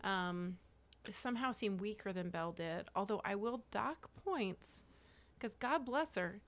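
A woman co-host in casual podcast chat. Her pitch sits in the middle, and she rambles, trailing into hedges as she thinks aloud about a film. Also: animated, unhurried. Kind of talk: casual movie-review chat.

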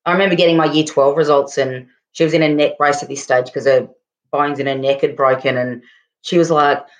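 A middle-aged woman co-hosting a podcast, speaking in a halting casual way with many pauses and restarts. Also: low voice, fairly even intonation. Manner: halting, full of fillers and restarts. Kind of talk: casual chat.

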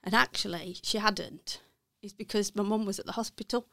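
A gravelly, mid-range voice at normal speed belongs to a middle-aged woman from the West Midlands with a Birmingham accent, who is an accounting firm partner. Interviewed as a guest, she speaks candidly and reflectively, often fixing her phrasing mid-sentence and laughing softly. The recording is dry and studio grade.

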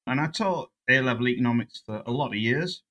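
A man's voice: medium pitch, expressive, fairly quick, a bit bright. An English man in his sixties, a guest economist telling stories in a chatty, anecdotal way during a casual interview. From England.

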